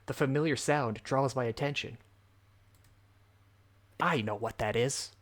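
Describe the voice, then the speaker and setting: A man's voice: mid-range voice, unhurried, a bit bright. A man streaming a game, reading its narration aloud in first person and bantering with friends. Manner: reads the game text aloud in first person, laughing between lines. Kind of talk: casual let's-play reading and banter.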